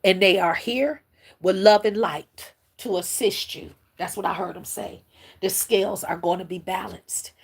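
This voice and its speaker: A woman's voice: medium pitch, unhurried, vocal fry, breathy edge. A woman hosting a spiritual livestream, teary and preacherly, talking straight to her viewers. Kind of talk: casual spiritual livestream talk.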